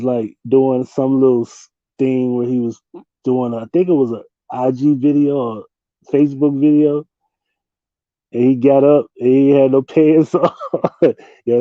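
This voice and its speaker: A man's voice: medium pitch, dry recording, dull audio. Laid-back man chatting on a livestream. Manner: loose, laughing, slangy, talks to chat. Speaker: livestream host. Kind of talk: casual late-night livestream chat.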